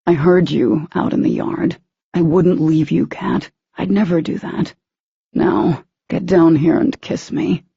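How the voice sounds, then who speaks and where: A cocky young man from a romance audiobook, gentle and teasing with the woman he loves, as a woman narrator reads him in her own husky voice. The tone is warm and slightly gravelly. The recording is dull, dry and muffled. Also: deep voice, fairly even intonation, a little slow, dry recording, heavily acted. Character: young adult man, cocky yet tender love interest.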